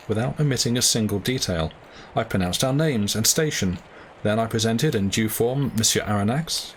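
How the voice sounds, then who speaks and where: A man narrating a classic novel aloud in a steady, measured way on a livestream. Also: mid-range voice, a little hiss or hum, rough recording. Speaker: reader of a novel.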